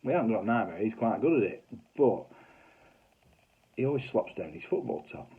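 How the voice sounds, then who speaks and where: Very animated and fairly quick, a middle-aged man with a lowish, slightly rough voice and a Northern English accent spins funny yarns. He writes comedy sitcoms, and his casual storytelling is broad and chatty, with mild swearing and acted-out voices, all heard through tinny, phone-like audio.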